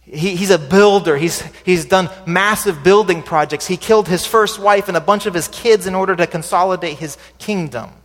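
A man's voice: high voice, normal speed, hardly any pauses, fairly bright tone. A man preaching a sermon in a conversational way, asking the listeners questions and letting his voice rise for emphasis and then drop away at the ends of phrases. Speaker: pastor. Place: church sanctuary. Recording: sermon recording with long hall reverb.

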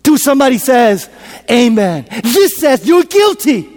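A male pastor preaching a sermon in a church. He repeats lines, questions the congregation, and swings from loud declarations to hushed whispers. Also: very high-pitched, very animated, measured pace. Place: church sanctuary. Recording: long hall reverb.

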